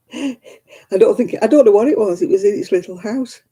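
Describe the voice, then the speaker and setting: A woman's voice: medium pitch, normal speed, mellow, breathy edge. A tired woman, hosting a casual livestream and chatting with her viewers by name. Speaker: livestream host.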